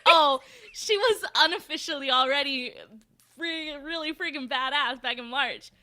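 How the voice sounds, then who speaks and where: Bright, chatty woman podcast co-host. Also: high-pitched, a little slow. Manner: animated storyteller, reads headlines aloud. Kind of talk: casual chat.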